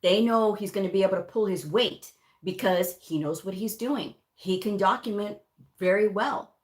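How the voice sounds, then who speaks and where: A woman's voice: medium pitch, moderate pace. A woman teaching medical coding in a casual livestream, talking frankly and speaking straight to her viewers. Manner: frank, chatty, addresses viewers directly.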